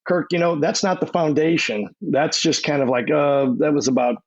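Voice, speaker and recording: A man's voice: fairly high pitch, normal speed, creaky, dry recording, dull audio. A middle-aged man, a podcast guest, telling anecdotes in a loose, rambling way, restarting and repeating his words often. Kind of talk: casual interview storytelling.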